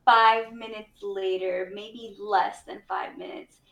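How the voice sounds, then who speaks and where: A woman's voice: medium pitch, fairly even intonation, takes it slowly, vocal fry, a bit bright, roomy sound, a little hiss or hum. A woman co-hosting a casual chat and telling stories, using many fillers. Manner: chatty, filler-heavy storytelling. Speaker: co-host.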